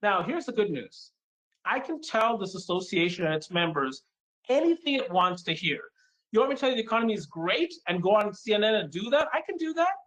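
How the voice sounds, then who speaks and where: A higher-pitched man delivers an economic forecast at a conference, moving through slides one by one. He talks with brisk emphasis and punches key words. Now and then he slips into a mock voice to play out the audience's questions. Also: very animated, fairly bright tone, rough recording. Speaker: economist giving a keynote forecast. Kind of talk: conference presentation walking through charts.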